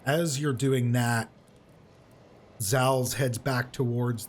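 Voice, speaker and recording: A man's voice: mid-range voice, steady tone, drawn-out words, a little hiss or hum. Rambling man running a tabletop game. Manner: rambling, lots of fillers and restarts. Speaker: game master.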